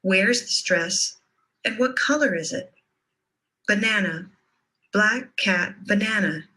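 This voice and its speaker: A woman narrating a pronunciation lesson video in a clear, measured way, modeling words for the listener to repeat. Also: mid-range voice, lively intonation, bright, forceful tone, poor audio. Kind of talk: scripted narration.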